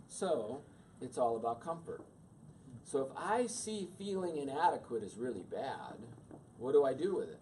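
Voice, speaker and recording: Middle-aged male teacher, lively pitch, acts out voices; distant mic, faint room hum. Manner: animated, acts out quoted voices. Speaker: teacher leading a class on emotions. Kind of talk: classroom teaching with questions to the audience.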